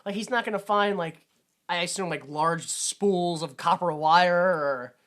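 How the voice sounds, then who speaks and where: A man's voice: sits high, measured pace, a bit bright. Rambling, laughing podcast guy. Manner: rambling, laughs often, lots of fillers. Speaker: podcast co-host. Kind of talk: casual comedic movie discussion.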